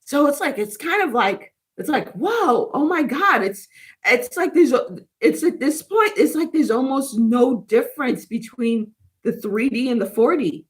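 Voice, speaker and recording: A woman's voice: high-pitched, expressive, a little slow. Chatty woman hosting a spiritual livestream. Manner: rambling, chatty, reads and answers live comments. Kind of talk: casual live chat with viewers.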